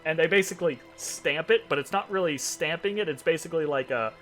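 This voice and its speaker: A man's voice: on the high side, quick pace, fairly bright tone, soft background music. A man narrating a tabletop game as game master, hesitant and full of ums and restarts.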